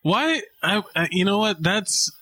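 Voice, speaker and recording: A man's voice: high-pitched, very animated, a little slow, pushed and bright, no echo. A man co-hosting a podcast, joking around in crude casual chat. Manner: laughing, crude banter. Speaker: podcast co-host.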